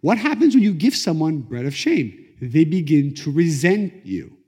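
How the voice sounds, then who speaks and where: A middle-aged man teaching a class on Kabbalah, telling stories in a lively conversational way. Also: on the high side, moderate pace, slightly rough. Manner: animated, conversational, acts out quotes. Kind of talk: lecture storytelling. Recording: echoey lecture hall.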